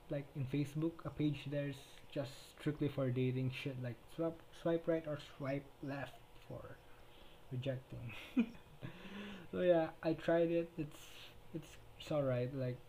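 Profane, mellow-voiced Filipino teen host. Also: male voice, medium pitch, slight background noise, low-quality recording. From Philippines. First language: Tagalog. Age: late teens. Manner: heavy swearing, rambling with restarts. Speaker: podcast host. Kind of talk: casual solo podcast rambling.

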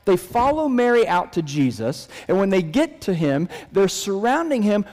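A man preaching a sermon as pastor, his delivery moving between raised emphasis and hushed, quiet lows. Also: long reverb tail.

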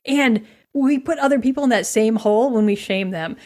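A woman hosting a podcast, talking about her workplace coaching in a chatty, animated way. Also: normal speed. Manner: chatty, animated, acts out quotes in a higher voice. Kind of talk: casual podcast conversation.

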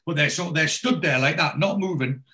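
A man chatting casually, retelling television scenes and acting out the lines. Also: fairly quick. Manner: animated storyteller, acts out quotes with jumps in pitch. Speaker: podcast host recapping a TV episode.

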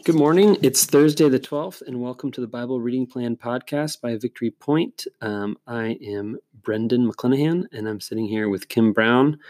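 A man's voice: mid-range voice, darkish tone, no echo, studio quality. A man hosting a faith podcast, chatting casually and explaining things in a rambling, friendly way. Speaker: podcast host. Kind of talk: casual chat.

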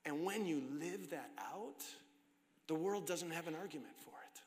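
A middle-aged man preaching a sermon with passion, swinging from loud emphasis down to hushed, whispered lines. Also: fairly high pitch, measured pace. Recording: long hall reverb with faint music.

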